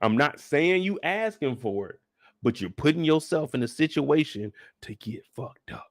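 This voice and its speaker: A man's voice: fairly high pitch, animated, moderate pace, no echo, clean studio sound. A man hosting a channel, giving joking, profane reaction commentary on a TV drama. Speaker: channel host.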